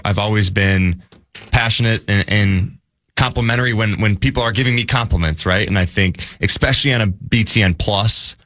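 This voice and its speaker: Deep-voiced young man, earnest. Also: fairly bright tone, no echo, clean studio sound. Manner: earnest, with frequent restarts and fillers. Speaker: sports radio guest analyst. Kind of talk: casual sports talk. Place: radio studio. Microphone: studio mic.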